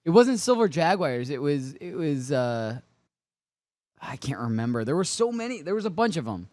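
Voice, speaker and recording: A man's voice: on the high side, very animated, normal speed, a little mellow, dry recording. A man hosting a casual pop-culture podcast, talking in a rambling, hesitant way. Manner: rambling, hesitant, with many fillers and restarts. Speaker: podcast host. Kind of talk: casual chat.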